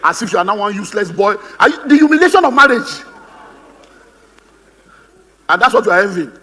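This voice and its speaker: High-pitched fast Nigerian speaker. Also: male voice, expressive, pushed and bright, big-room sound. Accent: Nigerian English. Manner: humorous, theatrical, acts out quoted voices. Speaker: motivational speaker. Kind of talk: animated seminar talk. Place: conference hall on stage.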